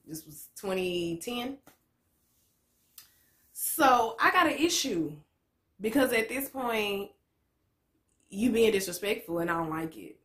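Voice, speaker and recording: A woman in her late twenties talks straight to camera, blunt and unfiltered, salting her story with slang and curses. Her voice sits at a middle pitch. The room around her rings with echo. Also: fairly bright tone. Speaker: motivational vlogger. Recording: echoey room.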